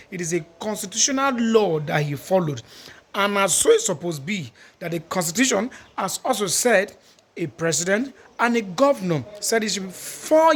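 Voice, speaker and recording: A man's voice: high voice, fairly bright tone. A man from Nigeria, hosting a casual political vlog in loose run-on talk mixing phrases. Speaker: channel host.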